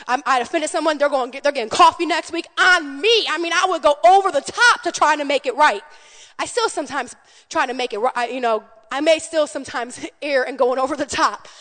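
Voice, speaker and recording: A high-pitched woman pastor preaches in an easy, conversational way, telling lively stories and calling out to her congregation. Her voice carries a long reverb from the church sanctuary. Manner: animated storytelling, calls out to the congregation. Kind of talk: conversational sermon.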